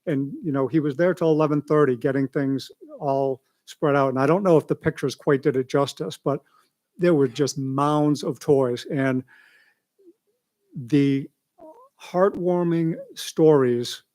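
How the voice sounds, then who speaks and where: A man's voice: fairly high pitch, unhurried, a little mellow. Rambling man reporting at a board meeting. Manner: rambling, conversational, many asides.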